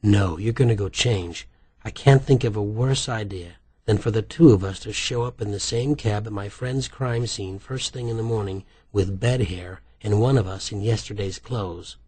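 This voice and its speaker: A man's voice: lowish voice, normal speed, warm tone, slightly rough, no echo. A man voicing a female police detective who talks in a clipped, dry way in an audiobook. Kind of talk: audiobook character voice.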